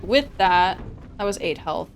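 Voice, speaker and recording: A woman streaming a game, talking casually, excitable, swearing freely and laughing often. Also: fairly low pitch, unhurried, faint music behind. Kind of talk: casual gameplay commentary.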